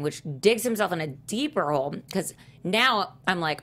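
Casual co-host, woman, slightly low voice, lively storyteller. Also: a little fast, hardly any pauses. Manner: animated storyteller, acts out texts in quotes. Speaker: podcast co-host.

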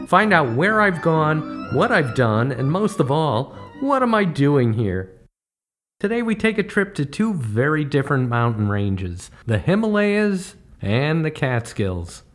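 A middle-aged man tells scripted comic travel stories in a dry, wisecracking voice that sits a little high and moves around lively in pitch. Faint music runs under his narration. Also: unhurried. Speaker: comedy writer telling travel stories.

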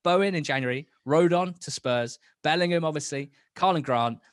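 With a voice on the high side at a moderate pace, the young football podcast guest rambles along happily in casual chat. The studio-quality audio has no room sound, and he restarts his sentences a lot.

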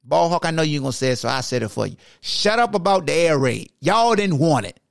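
A man in his forties rants about his team on a sports podcast, loud and slangy, bickering with his own alter ego. His voice sits high for a man. The sound is dry and close, with no room around it. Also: sing-song, quick pace, vocal fry, dry recording. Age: 40s. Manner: loud, slangy and ranting, arguing with himself. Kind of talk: heated sports rant in an alter-ego persona.

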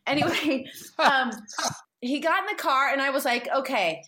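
A woman in her forties from San Francisco with a slightly high voice tells a personal story as a podcast guest. She rambles openly, full of fillers and restarts, and her voice gets emotional at points. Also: moderate pace, noisy background. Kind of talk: candid conversational storytelling.

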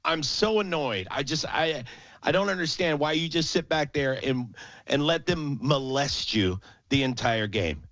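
A man rants on a casual sports podcast, heated and swearing, his voice sitting a bit high. The sound is muffled and lo-fi, with a dry room. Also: animated, unhurried, a bit bright, dry recording. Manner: heated, ranting, swears freely. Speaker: podcast co-host.

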